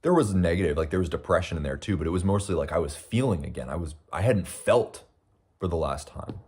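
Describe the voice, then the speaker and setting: A young American man with a low, husky, darkish voice talks fairly quickly while hosting a casual livestream. He eats breakfast as he reads viewer comments and answers them, rambling reflectively and using lots of fillers.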